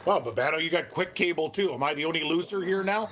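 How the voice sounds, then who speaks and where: A man watching a football game live with friends, fired up and shouting at times. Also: on the high side, lively intonation, quick pace. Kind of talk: excited live game chat. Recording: earbuds with faint noise.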